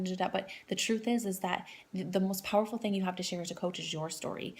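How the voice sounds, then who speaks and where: A woman's voice: mid-range voice, steady tone, fairly quick, a little mellow. A woman in her thirties giving a casual training talk to new coaches, rambling with lots of fillers and restarts.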